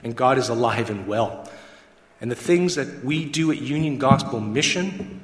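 A man's voice: mid-range voice, moderate pace. A man giving an emotional testimony to an audience, acting out the dialogue as a dramatic storyteller. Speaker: gospel mission worker giving testimony. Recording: echoey hall with long reverb.

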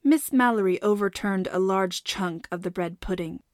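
A woman narrating a storybook in a steady, measured way. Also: medium pitch, dry recording, clean studio sound. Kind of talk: audiobook narration.

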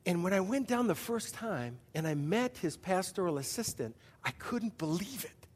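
A man's voice: high voice, big pitch swings, moderate pace, in a large hall. A man pastor preaching a sermon in a conversational way, often asking the audience questions and restarting his sentences.

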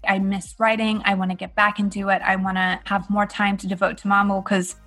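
Woman co-host, mid-pitched voice, warm emphatic pep talk, casual and repetitive for stress. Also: level tone, brisk, soft background music. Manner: emphatic, encouraging, repeats phrases for stress. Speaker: podcast co-host. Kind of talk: casual podcast chat.

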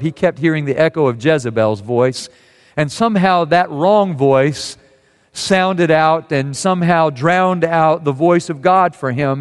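A man preaching a sermon, telling a scripture story and quoting its voices softly. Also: a little high, smooth, long reverb tail.

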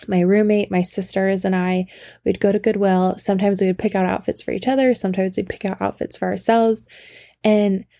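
A woman telling a personal story in a casual, animated way, laughing often and swearing freely. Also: mid-range voice, a little fast, no room sound. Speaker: storyteller sharing a personal anecdote.

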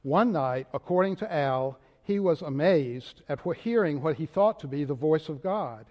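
A man's voice: a little high, animated, moderate pace, darkish tone. Older Southern man preaching in a reverberant church. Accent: Southern US, Richmond Virginia. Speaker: moderator of denomination preaching. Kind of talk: sermon. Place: large church sanctuary.

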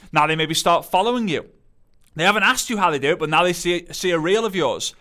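A man giving an animated motivational talk, acting out quotes in playful voices. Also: sits high, fairly quick. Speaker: motivational speaker.

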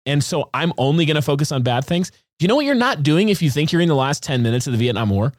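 A man's voice: a little high, big pitch swings, fast, dry recording, clean studio sound. A man co-hosting a podcast, talking animatedly with vivid analogies and frequent laughs. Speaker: podcast co-host. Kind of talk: casual discussion.

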